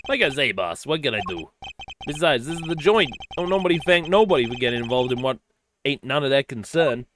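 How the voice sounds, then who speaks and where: A man doing a gruff streetwise boxer convict. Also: medium pitch, lively intonation, a little fast, a bit bright, slight background noise, lightly acted. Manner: streetwise slang, clipped grammar. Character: gruff tough-talking male boxer convict. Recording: game music behind.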